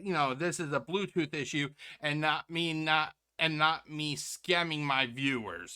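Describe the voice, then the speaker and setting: A man hosts a reaction video with sarcastic, rambling commentary, stumbling over restarts and calling his viewers "ladies and gentlemen." His voice sits a little high for a man, with a bright, forceful edge. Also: normal speed, few pauses, clean tone. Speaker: reaction channel host. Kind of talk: casual commentary.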